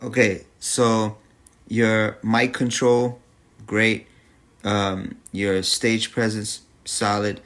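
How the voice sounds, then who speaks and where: Slow, measured male judge. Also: fairly low pitch, flat delivery, a bit bright. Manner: measured, itemized. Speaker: talent show judge. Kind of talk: giving feedback.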